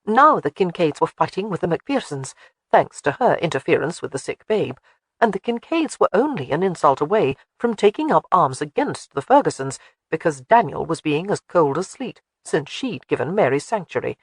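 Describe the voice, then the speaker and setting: An audiobook narrator reading a historical romance, expressive storytelling at a close studio mic. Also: mid-range voice, normal speed, husky, dry recording. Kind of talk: scripted narration.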